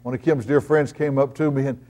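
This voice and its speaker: A middle-aged man preaching a sermon as pastor, swinging between loud emphatic lines and hushed storytelling. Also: mid-range voice, fairly even intonation, fairly quick.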